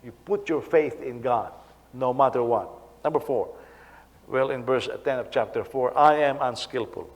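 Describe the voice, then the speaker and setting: A man, a senior pastor, preaching a sermon in an animated, halting way, often repeating words as he goes. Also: mid-range voice. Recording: long reverb of a hall.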